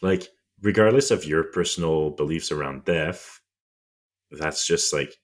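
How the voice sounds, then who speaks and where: French-accented guy cohosting a podcast, super low voice, lots of ums and stumbles over long words. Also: unhurried. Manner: frequent ums, restarts on tricky words. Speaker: podcast co-host. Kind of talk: casual explanatory chat.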